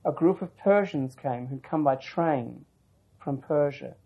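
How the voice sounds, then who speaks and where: A man's voice: fairly high pitch, measured pace, vocal fry, breathy edge, dull audio. A man telling a long personal story as an interviewee, reflective and rambling, with frequent restarts and asides. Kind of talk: oral history storytelling.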